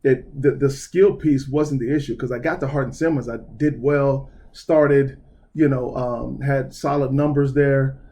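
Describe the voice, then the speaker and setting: A man talking as a podcast guest at an ordinary middle pitch. He speaks earnestly and thoughtfully, often pausing on fillers as he recalls the past. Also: steady tone, dark tone. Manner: earnest and reflective, many fillers like um and you know. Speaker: podcast guest, basketball recruiter. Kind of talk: casual interview chat.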